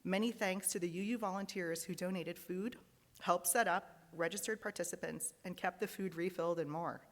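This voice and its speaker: A woman with a fairly low, steady voice leads a congregation in a large fellowship hall, reading out joys and sorrows at a moderate pace. As lay worship leader she is earnest and heartfelt, with moments of emotion.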